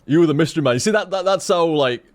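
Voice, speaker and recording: Rambling man with a lively pitch. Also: racing. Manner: rambling, swears casually, stumbles and restarts. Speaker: game streamer. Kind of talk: casual stream chat.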